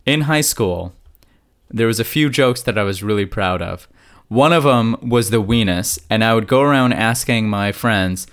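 Rambling, animated man co-hosting a podcast. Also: on the low side, moderate pace, clean tone. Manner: rambling, animated storyteller who repeats himself. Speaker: podcast co-host. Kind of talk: casual chat.

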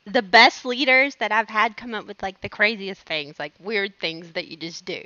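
A woman's voice: mid-range voice, normal speed, sharp tone, no room sound. A woman hosting and leading a squad, chatting casually with lots of "like" and "you know". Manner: chatty, filler-heavy. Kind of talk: casual chat. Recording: dull dry lo-fi mic.

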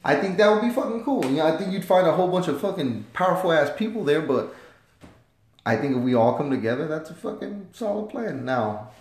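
A man from the United States, a former Marine, talking in a casual podcast monologue, rambling and heavy on profanity with loud emphatic swings. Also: medium pitch, roomy sound, slight background noise.

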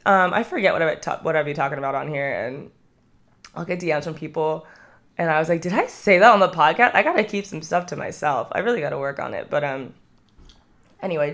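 Twenties woman podcasting, low voice with lots of fry, candid and self-mocking, swears a lot. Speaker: podcast host. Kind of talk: casual confessional storytelling.

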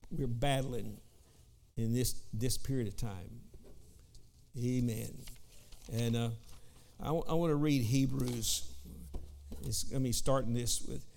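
A man with a Southern US accent leads an informal Pentecostal Bible study, halting and repeating himself, tossing in frequent amens, and slowing down when he reads scripture. His medium-pitched voice is creaky and a little mellow.

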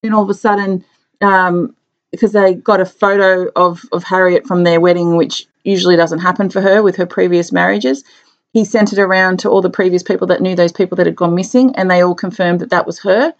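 A woman's voice: on the low side, fairly quick, muffled recording. A woman co-hosting a podcast, chatting casually about movies and acting out scenes. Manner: animated retelling, acting out movie lines. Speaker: podcast co-host.

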